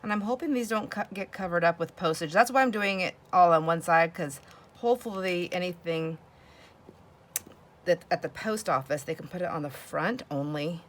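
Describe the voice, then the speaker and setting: Chatty and quick to laugh, a woman hosts a crafting video, talking to herself as she works. She speaks at a moderate pace in a lowish voice.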